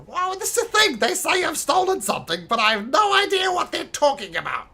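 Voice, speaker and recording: A man voicing a little male goblin prisoner who shouts his innocence in a high, shrill, defiant voice. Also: huge pitch swings, brisk, full character voice. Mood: indignant.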